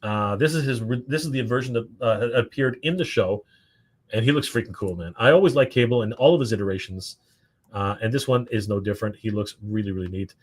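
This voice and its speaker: A man hosting a live stream, rambling excitedly with lots of fillers and restarts. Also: fairly low pitch, a little fast. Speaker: toy show host. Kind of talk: casual live-stream commentary.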